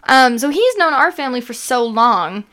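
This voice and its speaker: A woman's voice: high voice, big pitch swings, moderate pace, sharp tone. A young woman co-hosting a podcast, chatting casually, telling stories and laughing often. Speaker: podcast co-host. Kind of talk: casual chat.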